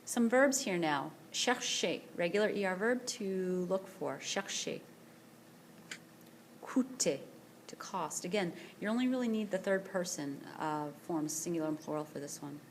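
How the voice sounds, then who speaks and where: A woman teacher recording a screencast vocabulary lesson, speaking slowly and carefully and repeating each word for pronunciation practice. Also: lowish voice, lively intonation, a little hiss or hum. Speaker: French teacher. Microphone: tablet screencast voice-over.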